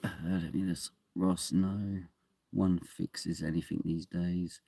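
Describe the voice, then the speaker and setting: Slow-talking man, dry sound. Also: sits low, level tone, gravelly, dark tone, husky, no echo. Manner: chatty, wry, mumbling asides. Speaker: vlogger. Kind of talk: casual chat to camera.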